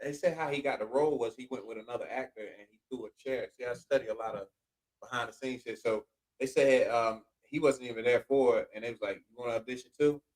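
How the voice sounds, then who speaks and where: A man's voice: mid-range voice, fast, a little mellow, rough recording. A man hosting a casual podcast, telling stories in a laid-back way and talking straight to his listeners. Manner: laid-back storytelling, talks to listeners directly. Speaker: podcast host. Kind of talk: casual chat.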